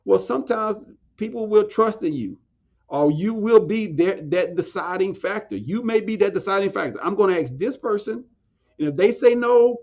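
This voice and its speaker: A man's voice: high voice, expressive, normal speed, a little mellow, muffled recording. A man, a podcast guest telling a story in casual talk, often restarting and repeating phrases.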